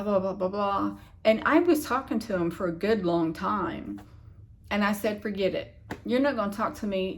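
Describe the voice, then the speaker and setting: Woman rambling through a personal story. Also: medium pitch. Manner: meandering, restarts and backs up, frustrated and puzzled. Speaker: vlogger. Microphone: phone camera.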